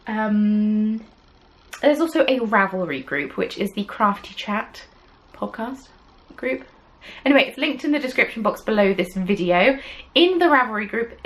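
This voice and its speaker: A woman's voice: fairly high pitch, rough recording. Chatty woman. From England. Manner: chatty, self-deprecating, many ums. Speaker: podcast host. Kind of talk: casual chat. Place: home desk.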